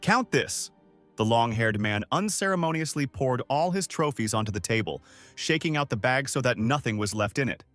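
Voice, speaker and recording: Male recap narrator, lively scripted storytelling, mid pitch, animated. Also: a little fast, no echo, soft background music.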